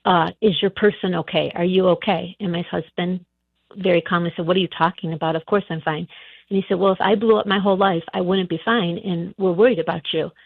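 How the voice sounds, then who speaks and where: A woman's voice: lowish voice, fairly even intonation, a little fast, vocal fry, no room sound. A middle-aged woman calling in on the phone to a radio show, telling her story hesitantly with many restarts. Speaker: caller. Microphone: telephone. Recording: tinny phone line.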